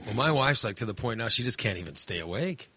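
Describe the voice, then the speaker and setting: A middle-aged man telling rambling, animated stories in casual chat as a podcast co-host. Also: mid-range voice, fast talker, slight background noise. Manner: rambling, animated storytelling with restarts.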